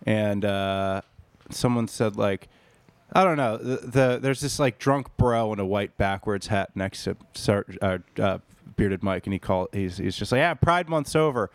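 A man's voice: on the low side, fairly even intonation, measured pace, smooth, no echo. A man telling a bar story in casual podcast chat, rambling and profane, often restarting mid-sentence.

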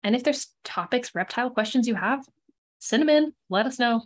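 A woman co-hosting a casual podcast, upbeat and quick to laugh. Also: on the high side, expressive. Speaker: podcast co-host.

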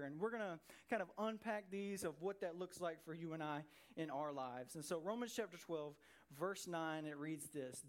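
High-voiced man preaching a conversational sermon. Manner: conversational, animated, asks rhetorical questions. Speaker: pastor. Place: church sanctuary.

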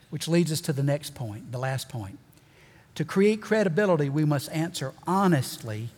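A pastor preaches a folksy, lively sermon at a normal pace, tossing in jokes and driving his points home through repetition. His voice is slightly high for a man, and a long church reverb lingers after each phrase.

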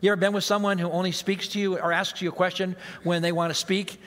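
A man's voice: high-pitched, flat delivery, fast talker, a bit bright, in a large hall. A male pastor preaching a sermon in a conversational way, asking the congregation rhetorical questions.

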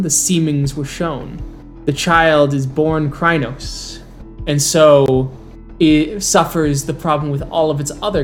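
A player puts on a legendary werewolf king with an Irish accent, commanding and loud. He lays out each point slowly and emphatically, as if addressing a council, while faint music plays underneath. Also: medium pitch, lightly acted. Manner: loud, declamatory, slow emphatic phrasing. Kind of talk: in-character roleplay speech.

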